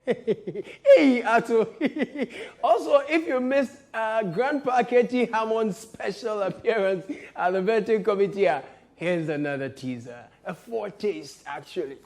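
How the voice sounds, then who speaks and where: A man's voice: sits high, measured pace. A man hosting a satirical comedy show, joking and laughing often as he talks. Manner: playful, laughs often, mock shouting. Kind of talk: comic satirical commentary.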